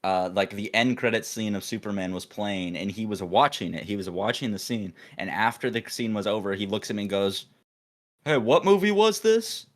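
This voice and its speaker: A young man, a podcast co-host, telling a work story in a rambling, animated way, full of restarts and acted-out quotes. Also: fairly low pitch, brisk, few pauses. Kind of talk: casual storytelling chat.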